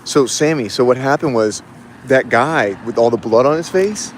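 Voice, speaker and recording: Rambling excited man on a city street. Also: medium pitch, normal speed, a little hiss or hum. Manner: rambling, excited, heavy on fillers. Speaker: livestream host. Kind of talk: casual live street storytelling.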